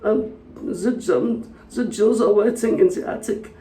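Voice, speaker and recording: A man's voice: high voice, slow, pitched above the performer's own voice. A man putting on a clumsy mock German accent, babbling made-up German-sounding words. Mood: blustering. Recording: echoey room, mic at a distance.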